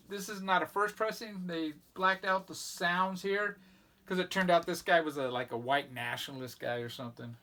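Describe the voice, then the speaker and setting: A man's voice: fairly high pitch, a bit bright. A man casually showing records from his collection, rambling and enthusiastic as he lists off bands. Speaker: record collector vlog host. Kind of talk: casual record show-and-tell.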